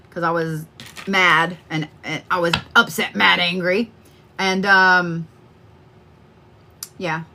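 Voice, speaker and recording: A middle-aged psychic card reader hosts a live stream, speaking in a lowish voice with a sharp tone. Chatty and rambling, she talks casually to her viewers and curses freely.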